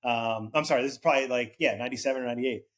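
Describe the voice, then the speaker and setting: Man, 40s, podcast guest; casual rambling storyteller, mid-pitched, acts out quoted lines. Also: rapid-fire, a bit bright. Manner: rambling, filler-heavy, acts out quoted voices.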